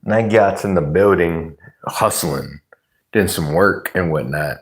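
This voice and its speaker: A man's voice: low-pitched, slow, heavy background noise. A man hosting a livestream, rambling and joking crudely while reading chat aloud. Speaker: livestream host.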